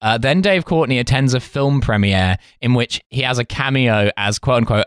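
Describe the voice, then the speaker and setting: A man's voice: medium pitch, normal speed, clear, resonant tone, no echo, studio quality. A man co-hosting a podcast, casually retelling a documentary and acting out quotes from it. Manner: storytelling recap with lively quoted impressions. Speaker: podcast co-host. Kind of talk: casual chat, recapping a documentary.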